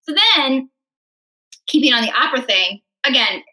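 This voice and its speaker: A woman's voice: high voice, animated, moderate pace, bright, forceful tone, low-quality recording. A young woman, an opera singer from Illinois, telling her life story casually in an interview, acting out her past thoughts and laughing often. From Illinois, United States.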